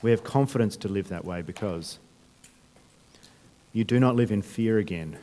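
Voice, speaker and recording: A man's voice: fairly low pitch, normal speed, mellow, in a large hall. A man preaching a sermon, talking conversationally with restarts and rhetorical questions. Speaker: pastor.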